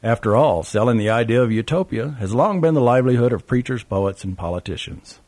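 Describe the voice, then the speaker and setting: A man's voice: mid-range voice, lively intonation, brisk, a little mellow, no room sound. Dry, sardonic male memoir narrator. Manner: sardonic, wry.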